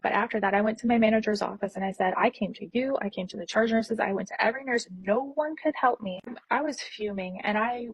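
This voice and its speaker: A woman nurse tells a personal story and acts out every quoted line with feeling. Her voice is soft and slightly breathy. The recording is close and dry, with no room echo. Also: medium pitch, quick pace, hardly any pauses. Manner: intense, emotional retelling with quoted dialogue.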